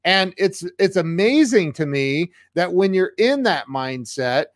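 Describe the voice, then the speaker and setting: A man's voice: high voice, animated, a little slow, hardly any pauses, no echo. Enthusiastic male podcast host, dry sound. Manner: enthusiastic, retells stories with many fillers. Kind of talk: casual interview chat.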